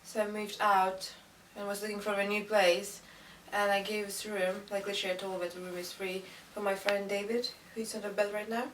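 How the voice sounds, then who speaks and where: A woman's voice: mid-range voice, little pitch movement, fairly quick, hardly any pauses. A young woman, telling a story in a rambling, casual way with many fillers. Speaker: interviewee. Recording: distant mic, faint room noise.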